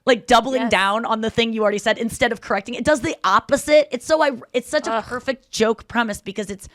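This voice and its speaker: A woman's voice: fairly high pitch, fast talker, a bit bright, dry recording. A woman hosting a podcast in casual chat, telling stories animatedly and acting out quoted lines. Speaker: podcast host.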